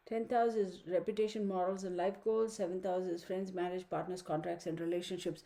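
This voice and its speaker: A woman's voice: fairly low pitch, flat delivery, brisk, creaky, hardly any pauses, dark tone, a little hiss or hum. A woman giving a chatty, opinionated tarot reading from her home study, talking to viewers and her dog. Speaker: tarot reader. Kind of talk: casual online tarot reading.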